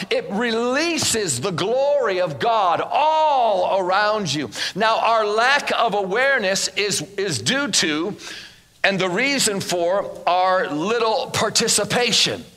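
A man preaches to a congregation in church, telling stories and playing each part. His voice sits high and sounds bright and forceful. He is animated throughout. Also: big-room sound. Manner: animated, acts out dialogue. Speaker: guest minister. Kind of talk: sermon with storytelling.

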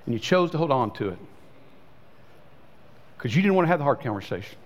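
A man's voice: sing-song, fairly quick, highs cut off. Preaching man in an echoing hall. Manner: conversational preaching, pitch swinging up and down. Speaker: pastor. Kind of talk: sermon. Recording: long hall reverb.

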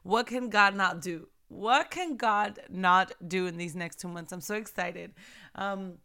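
A woman's voice: medium pitch, a little slow, pushed and bright. A young woman hosting a casual faith podcast, chatty and earnest, repeating phrases and laughing often. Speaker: podcast host.

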